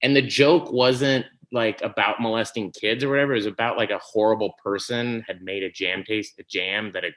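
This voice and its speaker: A man, a podcast guest, telling stories in casual conversation, animated and laughing often. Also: on the low side, a little fast, hardly any pauses. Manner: animated storytelling, laughs often, trails off and restarts.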